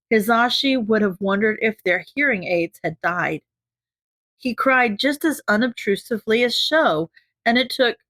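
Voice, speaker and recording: A woman narrating a fan fiction audiobook in a measured, gentle way. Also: on the high side, no echo. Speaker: audiobook reader.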